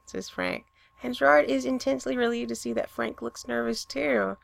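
A woman reading a romantic story aloud with expressive storytelling. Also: a little high, moderate pace, creaky, no room sound. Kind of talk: reading fan fiction aloud.

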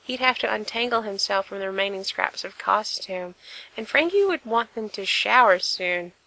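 A woman narrating a story aloud in an unhurried, intimate reading style. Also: mid-range voice, lively intonation, pushed and bright, low-quality recording. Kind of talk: reading fan fiction aloud.

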